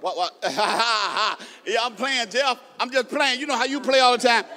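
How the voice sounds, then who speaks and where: A man preaching in a big hall, his voice pitched very high and ringing bright as it rolls off long reverb. He swings from low asides into shouted emphasis and trips over rapid repeated words. Playful jabs at the audience break up the sermon. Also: slight background noise. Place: large hall with a stage.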